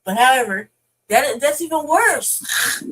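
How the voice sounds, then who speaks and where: A woman's voice: high voice, lively intonation, slow, fairly bright tone, husky, rough recording. A woman co-hosting a podcast in casual chat, blunt and swearing freely, often restarting her sentences. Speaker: podcast co-host.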